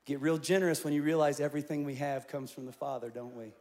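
A middle-aged male pastor preaching a sermon, telling a story with lively acted-out quotes. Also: a little high, quick pace. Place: large church auditorium.

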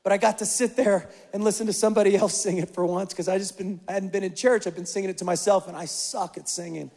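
Guy pastor preaching hard, kinda high voice, big echoey church. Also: fairly even intonation, fast. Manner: passionate, rising and pushing into loud repeated calls. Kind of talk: sermon. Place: large church hall. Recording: long hall reverb.

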